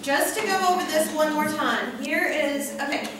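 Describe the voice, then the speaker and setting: A woman's voice: high-pitched, normal speed, background noise. A woman teacher giving a classroom lecture, patient, repeating words and checking in with "okay?". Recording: echoey classroom from far off.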